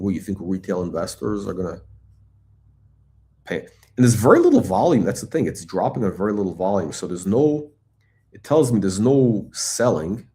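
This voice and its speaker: A middle-aged man hosting a live stock chat, talking in an excitable, blunt, repetitive way and swearing now and then. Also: low voice. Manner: excitable hype, blunt, swears, repeats himself. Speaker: stock channel host. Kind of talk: livestream stock chat reading chat questions.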